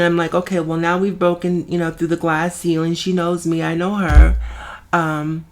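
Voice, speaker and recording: A young adult woman telling a casual story to her viewers, chatty, with frequent asides and restarts. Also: on the low side. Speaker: storytime vlogger.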